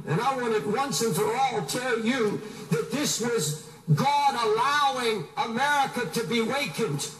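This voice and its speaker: A man's voice: very high-pitched, expressive, measured pace, fairly bright tone. A man preaching a fiery sermon, pressing his listeners with question after question. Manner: impassioned, rhetorical questioning. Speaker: minister. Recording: roomy, mic at a distance.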